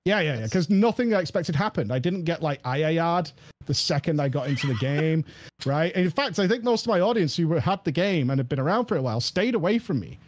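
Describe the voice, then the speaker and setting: A man guesting on a podcast, telling a story in an animated, emphatic way and laughing often. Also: a little high, a little fast. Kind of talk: casual podcast chat.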